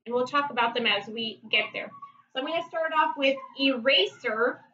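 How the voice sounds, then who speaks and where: A woman teaching a vocabulary lesson, saying each word slowly and carefully. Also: high voice, sharp tone, distant mic. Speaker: Spanish teacher. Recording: dull, roomy sound from off-mic.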